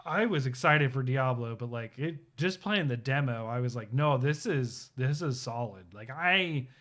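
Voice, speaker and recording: A man chats casually on a live stream, telling a game story in a bright, forward voice. He is loose and full of fillers, and he switches into quick quoted voices. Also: mid-range voice. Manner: animated storyteller, acts out quotes, many fillers. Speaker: podcast co-host. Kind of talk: casual chat about video games.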